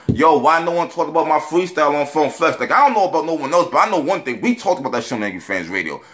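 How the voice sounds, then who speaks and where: Brash fast-talking man ranting. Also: a little high. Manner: brash, profane, animated ranting. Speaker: battle rap blogger. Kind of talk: ranting video response.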